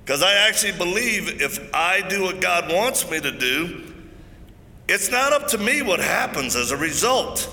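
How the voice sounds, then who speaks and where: This event speaker's voice sits high and sounds sharp and very animated at a moderate pace as he preaches emphatically, mixing stories with jokes. Faint noise and hall echo are audible.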